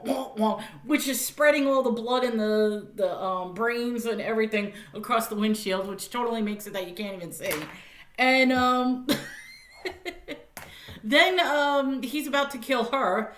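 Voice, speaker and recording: A woman's voice: a little high, moderate pace, a bit bright, reverberant, slight background noise. A woman giving a casual, chatty spoken movie review, often laughing and using lots of fillers.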